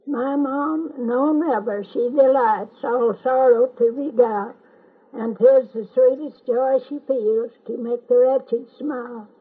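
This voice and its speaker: An older woman voicing a kind young lady in a recited poem, speaking gently and slowly. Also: high-pitched, steady tone, husky, heavily acted. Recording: tinny lo-fi home tape.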